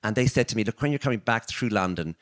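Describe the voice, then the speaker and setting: An older man with an Irish accent speaks in a fairly low voice at a live book event. He tells reflective stories, often restarting his sentences and slipping into animated quoted voices. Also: fast. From Ireland. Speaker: author, interview guest. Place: arts venue, live audience.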